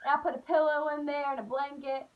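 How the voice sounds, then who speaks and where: A young woman telling a childhood story on her vlog, animated and full of "like", acting out the voices. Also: sits high, fast. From Appalachian United States. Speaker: vlogger. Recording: dull lo-fi recording.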